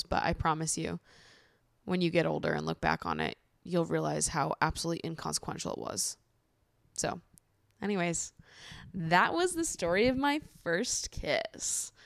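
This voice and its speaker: A woman's voice: deep voice, vocal fry, no room sound, studio quality. A young American woman hosting a casual podcast, chatty and giggly, swearing casually as she talks. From United States. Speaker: podcast host. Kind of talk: casual chat.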